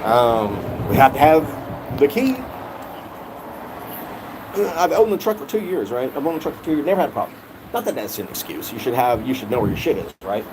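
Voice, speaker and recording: A man's voice: medium pitch, noisy background. A man vlogger telling a rant-style story with heavy swearing and a lot of repetition. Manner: animated, profane, repeats himself.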